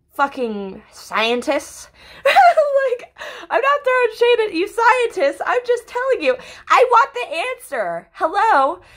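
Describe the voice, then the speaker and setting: A young woman vlogs in a casual, rambling monologue, her very high-pitched voice sharp in tone. She swears often and packs her profane, ranting talk with fillers.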